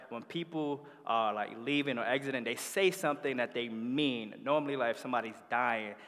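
A man preaching a sermon, telling stories in an animated way that builds in energy. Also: medium pitch. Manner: animated storytelling with rising energy. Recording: long hall reverb.

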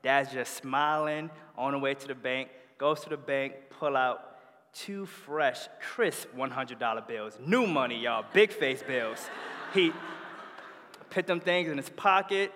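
Man, preacher, animated storyteller, mid-pitched, long church-hall reverb. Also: a little slow. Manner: animated storytelling with rising energy. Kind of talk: sermon.

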